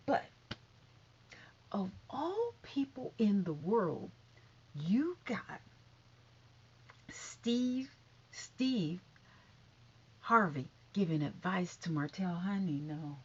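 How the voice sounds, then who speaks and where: Chatty, catty woman with lively pitch. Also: breathy edge, muffled recording. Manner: chatty, catty, with asides and repeated no's. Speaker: gossip vlogger. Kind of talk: casual celebrity gossip commentary.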